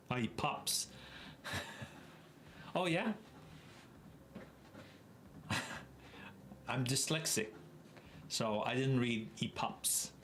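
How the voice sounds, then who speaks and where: A livestream host whose first language is French speaks with a Québécois accent, taking his time and laughing often as he responds to chat in a casual stream. His mid-range voice is animated and a bit bright, with a faint hiss of background noise behind it.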